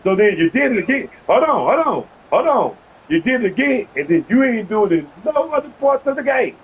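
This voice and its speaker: A man's voice: very high voice, very animated, a little fast, phone-quality sound, slight background noise. A man streaming a video game, arguing heatedly with an opponent over voice chat and repeating himself to cut in. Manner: agitated, keeps repeating "hold on".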